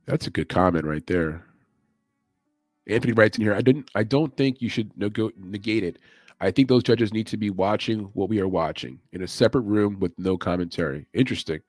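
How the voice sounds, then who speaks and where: A man's voice: on the low side, a little fast, a little mellow, no echo. A man hosting a casual sports betting podcast, loose and chatty, thinking aloud as he goes. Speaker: MMA betting podcast host. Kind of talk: casual chat.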